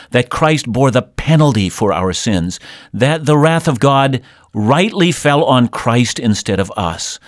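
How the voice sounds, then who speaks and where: A man's voice: medium pitch, expressive, unhurried, dry recording, studio quality. A man preaching a sermon in an earnest, emphatic way. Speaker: pastor. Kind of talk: radio sermon.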